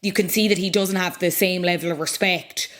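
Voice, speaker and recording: A woman, co-hosting a podcast and recapping a show in an animated, jokey way. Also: fairly low pitch, a little fast. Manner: animated, jokey, self-deprecating. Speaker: podcast co-host. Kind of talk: casual recap chat.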